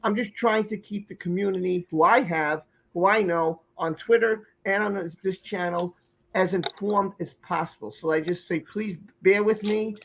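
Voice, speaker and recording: A man's voice: high-pitched, moderate pace, gravelly, a bit bright, lo-fi sound, slight background noise. A man with a Brooklyn accent hosting a live stream chat, talking emphatically and effusively, often repeating himself. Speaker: host.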